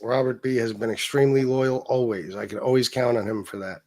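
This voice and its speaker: A man's voice: mid-range voice, fairly even intonation, fairly quick, few pauses, darkish tone. A man hosting a casual livestream, talking bluntly and with lots of swearing, and reading out viewer messages. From Sicilian heritage. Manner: profane, blunt, reads donor messages aloud. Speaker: livestream host.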